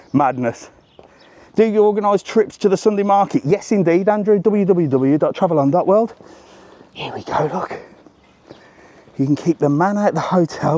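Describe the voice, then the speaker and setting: This middle-aged man's voice sits high, with no room sound at all. A travel vlogger, he gives a chatty live walking tour outdoors around a hotel resort, talking to his phone camera, animated and frequently saying "look".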